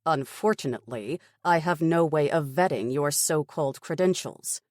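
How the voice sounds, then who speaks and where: Brisk, stubborn middle-aged male officer, voiced by a woman for an audiobook; clipped, dismissive delivery, dry close mic. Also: sits low, darkish tone, no room sound, lightly acted. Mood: stern. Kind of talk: audiobook character voice.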